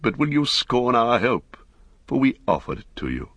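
A man voicing a wise, stern old wizard who speaks gravely and firmly, in an audiobook reading. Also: medium pitch, sing-song, moderate pace, fairly bright tone, dry recording, highs cut off, voice pushed up.

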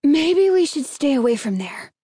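A woman's voice: sits high, sing-song, moderate pace, dark tone, dry recording, clean studio sound, pitched above the performer's own voice. A woman doing an uneasy young boy. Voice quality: anxious, breathless.

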